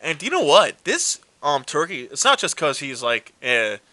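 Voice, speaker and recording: A man with a fairly high, bright voice retells horror movie plots in a casual chat. He acts out the characters' lines and swears freely. The sound is dry and close. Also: normal speed, no room sound. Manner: animated storytelling with swearing and acted quotes. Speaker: co-host.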